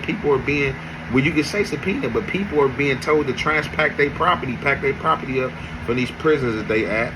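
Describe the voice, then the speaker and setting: A man giving emphatic commentary to viewers in deliberate street talk. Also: medium pitch, noisy background. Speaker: host narrating commentary. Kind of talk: commentary to camera.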